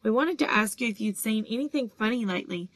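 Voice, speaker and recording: A woman reading the part of a clever, bossy schoolgirl in a brisk and earnest voice. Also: a little high, lively intonation, no echo, close to an everyday voice.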